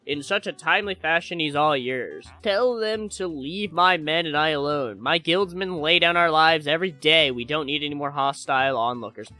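A man voicing a scheming, smug male mercenary boss in a game, with a mock-theatrical, drawn-out delivery. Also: a little high, pushed and bright, faint music behind. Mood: haughty.

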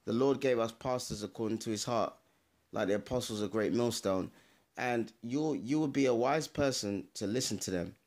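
A man's voice: mid-range voice, a little mellow. A man giving an informal, emphatic Bible teaching to camera, speaking straight to his viewers and reading out references. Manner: emphatic, addresses viewers directly, pauses to check sources. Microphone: camera mic, adjusting camera while talking.

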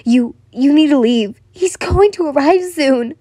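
A woman's voice: high voice, fairly even intonation, drawn-out words, dark tone, no room sound, studio quality, voice pushed up. A woman voicing a frightened young woman who sobs and begs urgently. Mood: desperate. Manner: sobbing, urgent, begging.

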